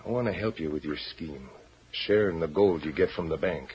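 An actor playing a shifty small-town telegrapher, blunt and quick, in old-time radio drama style. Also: male voice, deep voice, a little mellow, muffled recording, natural voice. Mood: scheming. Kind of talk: 1940s radio acting. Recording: hissy old radio recording.

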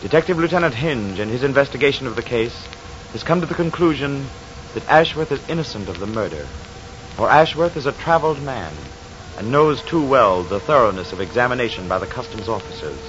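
A man narrates a vintage radio crime drama in a measured, dramatic voice. The recording is dull and old, with clear background noise throughout. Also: medium pitch, animated, a bit bright.

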